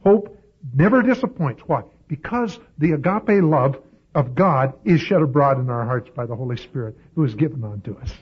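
A man preaching a sermon, swinging from loud, high-pitched peaks to low, quiet asides. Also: husky. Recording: dull lo-fi recording.

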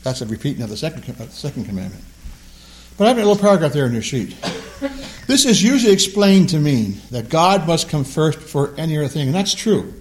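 A man's voice: on the high side, darkish tone. A man leading a Bible class, teaching emphatically and often repeating words as he stresses a point.

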